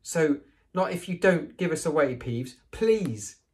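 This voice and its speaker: Man doing a breathless schoolboy, urgent, lively, storybook reading. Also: a little high, slow pace, voice pushed up. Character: young wizard schoolboy, breathless leader.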